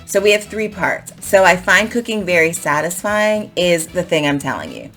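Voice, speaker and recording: A woman's voice: on the low side, big pitch swings, moderate pace, a bit bright, faint music behind. A woman teaching English, explaining and emphatically modelling phrases to show intonation. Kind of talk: explaining to camera in a lesson.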